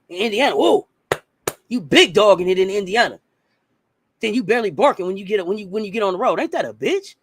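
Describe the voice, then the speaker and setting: A man's voice: high-pitched, animated, fast, fairly bright tone, breathy edge, no echo. A man in a heated sports talk rant, blunt and profane, firing off rhetorical questions. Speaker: sports commentator.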